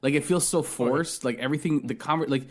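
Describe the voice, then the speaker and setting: A man's voice: medium pitch, fairly quick. Rambling, profane podcast host, a man. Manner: rambling, profane, many restarts and fillers. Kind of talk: casual podcast movie review.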